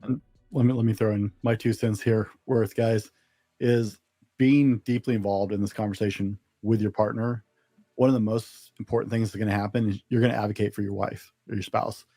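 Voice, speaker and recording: A man hosting a podcast, speaking bluntly and forcefully as he tells a story. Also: lowish voice, steady tone, normal speed, dry recording. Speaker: podcast host. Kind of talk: podcast interview.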